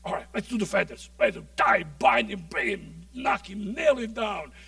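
A preacher shouting as a gang of rough angry villagers. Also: male voice, sits high, expressive, moderate pace, distant mic, soft background music, exaggerated voice. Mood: rough, bossy. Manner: shouted, forceful orders. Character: rough angry villagers ganging up to restrain a wild man.

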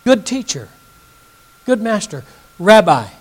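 A man's voice: high-pitched, sing-song, slow pace, rough recording. A male pastor teaching an evening Bible lesson, reading scripture aloud and putting questions to his audience.

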